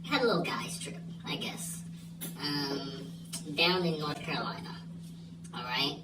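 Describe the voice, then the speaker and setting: A man's voice: on the high side, measured pace, distant mic. A young man telling a funny story in a casual vlog monologue, laughing and checking in with the listener. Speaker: vlogger. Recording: echoey room, voice off-mic, clear hum. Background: steady hum.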